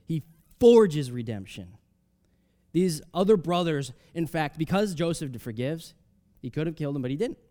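A man preaching a sermon, reading scripture aloud and explaining it in a conversational way, swinging between loud emphatic rises and soft drops. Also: a little high, expressive, moderate pace. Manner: reads scripture aloud, then explains it casually with fillers.

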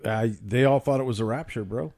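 A man's voice: medium pitch, a little fast, mellow, dry recording, clean studio sound. A man who is a pastor co-hosting a casual chat, talking in a playful, teasing way. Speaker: pastor, podcast co-host.

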